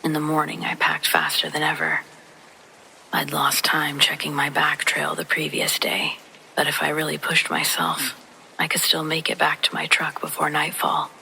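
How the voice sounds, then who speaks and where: A narrator whispering a true horror story in a soft, hushed voice, with faint rain behind. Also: mid-range voice, moderate pace, gravelly, slight background noise, low-quality recording.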